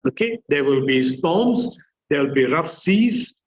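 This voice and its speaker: A man's voice: on the high side, lively intonation, unhurried, slight background noise, rough recording. A man from Malaysia with a Malaysian English accent, a therapist giving a chatty conference presentation full of fillers and repeats.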